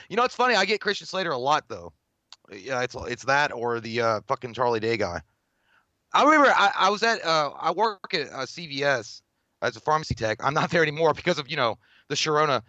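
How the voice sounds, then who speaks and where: A man with a somewhat high, bright voice chats loosely on a live stream. He stumbles through fillers and restarts and swears freely while reading out viewer comments, and the close, dry sound has no room echo. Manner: rambling and profane, lots of fillers and restarts, reads chat aloud. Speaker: podcast co-host. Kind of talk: casual live-stream chat.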